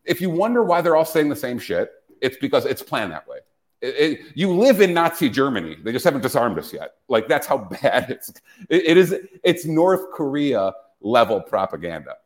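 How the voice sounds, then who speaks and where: A man's voice: mid-range voice, very animated, moderate pace. A man hosting a casual podcast, ranting with profanity and frequent restarts. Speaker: podcast host.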